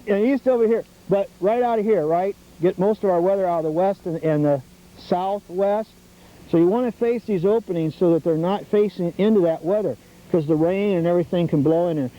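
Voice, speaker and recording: A middle-aged man with a high, dark-toned voice speaks briskly while hosting an outdoor nature show. He leads scouts on a walk at a birdhouse trail, coaching them enthusiastically like a teacher, and the sound is dull 1990s public access TV audio with a faint hiss of noise.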